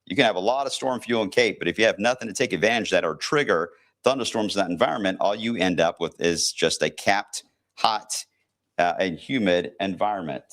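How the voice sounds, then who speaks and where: A man's voice: deep voice, brisk, fairly bright tone. A young man, a TV meteorologist, giving a laid-back, chatty weather briefing on a livestream from a station weather office.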